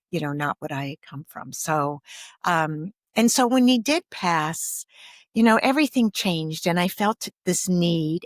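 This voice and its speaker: A woman with a fairly low voice speaks softly as a podcast guest, thoughtful and unhurried, often pausing with an um. The sound is dry and close, with no room around it. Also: no echo. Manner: soft-spoken, thoughtful, with frequent pauses and ums. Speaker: guest, grief and ancestral healer. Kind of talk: reflective podcast conversation.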